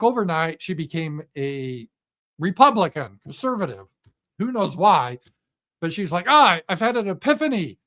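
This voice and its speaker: A man's voice: fairly high pitch, fairly bright tone. A man giving an opinion commentary monologue in a sarcastic, mocking manner. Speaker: political commentator.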